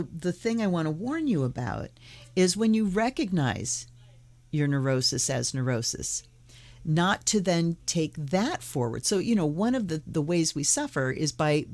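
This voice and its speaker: A woman with a low voice explains a spiritual practice in a relaxed, conversational way. She is gentle and middle-aged, and she slips into playful little voices to act out inner thoughts. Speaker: tarot and Buddhism video host. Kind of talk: casual spiritual teaching talk.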